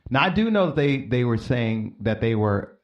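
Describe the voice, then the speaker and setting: A man's voice: medium pitch, sing-song, moderate pace, highs cut off. A man co-hosting a casual podcast chat, explaining his points at length.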